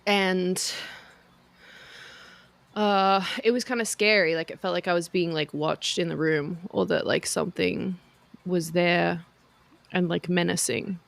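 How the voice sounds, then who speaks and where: A woman's voice: on the low side, steady tone, unhurried, vocal fry, long pauses, no room sound. A young woman co-hosting a casual chat, teasing, swearing freely and laughing through almost every sentence. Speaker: podcast co-host, medium.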